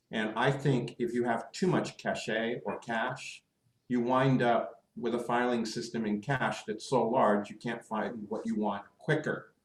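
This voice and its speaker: A man hosting a club video call, talking at length and explaining his points with examples. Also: on the low side. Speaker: meeting host. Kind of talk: casual Zoom meeting chat. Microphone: computer mic on a video call. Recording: echoey room on a video call.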